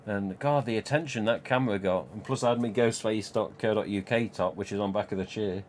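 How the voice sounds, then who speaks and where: Rambling low-voiced man. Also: a little fast, a little hiss or hum. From Nottingham, England. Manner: rambling, swears freely, laughs at own jokes. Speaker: live stream host. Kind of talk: casual storytelling chat.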